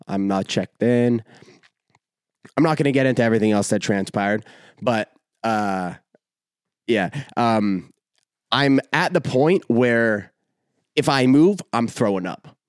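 A young man hosting a podcast, telling a rambling, profane, animated story in casual chat. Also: mid-range voice, moderate pace, no echo, studio quality. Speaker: podcast host.

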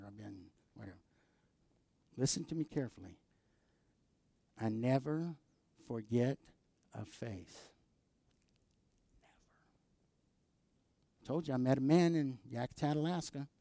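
A middle-aged man preaching a sermon as pastor, with call-and-response asides, his voice swinging from loud to quiet. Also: mid-range voice, lively intonation, quick pace, vocal fry, no room sound.

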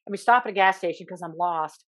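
A woman's voice: lowish voice, quick pace. A woman hosting a podcast, rambling through casual stories and swearing freely. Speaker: podcast host. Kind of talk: casual chat.

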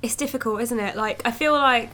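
A woman's voice: a little high, fairly quick, bright, forceful tone. A young woman talking frankly and casually as a film podcast co-host, with plenty of "like" fillers. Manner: chatty, frank, lots of "like" fillers. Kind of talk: casual chat.

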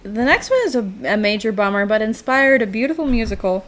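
A young woman co-hosting a podcast in casual, animated chat, swearing and laughing often. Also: fairly high pitch, a little fast, a little hiss or hum. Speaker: podcast co-host.

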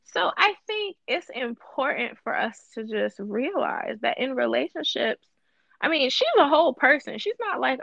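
A woman's voice: high-pitched, very animated, normal speed, vocal fry, a bit bright, dry recording, dull audio. A woman co-hosting a casual podcast chat, talking emphatically and repeating phrases for stress. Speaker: guest co-host.

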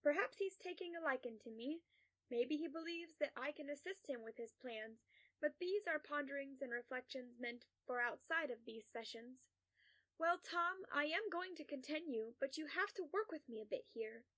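A woman reading a first-person story aloud in a measured, condescending therapist's manner. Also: sits high, expressive, a bit bright. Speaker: narrator.

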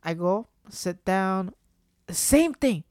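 A vlogger with a high voice and drawn-out words tells a story in a rambling, animated way, swearing, stumbling, repeating and restarting his words. His voice sounds dry and close, with no echo or room around it.

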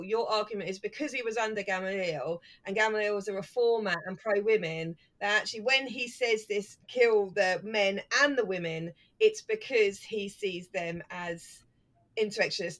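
A woman's voice: mid-range voice, a bit bright. A woman hosting a podcast interview, asking probing questions and summarizing her guest's argument. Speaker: podcast host.

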